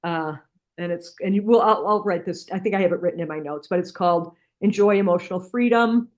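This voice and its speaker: Speaking briskly in a lowish voice, a middle-aged woman from a healing center explains techniques and tells stories as a guest in a conversational interview. She comes across as earnest, often restarts mid-sentence, and animates the dialogue she recounts.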